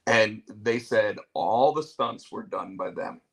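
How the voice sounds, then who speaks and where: A show host with a lowish, slightly bright voice talks slowly in a casual talk show chat. He tells things in a rambling way and often restarts his sentences.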